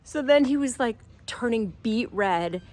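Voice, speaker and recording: A middle-aged woman tells a personal story in a casual, playful way. She giggles often and acts out the voices of the people in her story. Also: measured pace. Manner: animated, acts out quoted voices with big pitch jumps. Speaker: vlogger telling a personal story.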